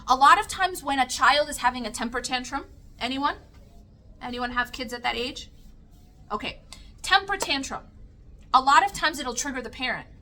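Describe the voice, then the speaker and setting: A woman's voice: high voice, pushed and bright. A woman giving a lecture to a live audience, often checking in with the room by asking them questions. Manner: engaging, asks the audience frequent questions.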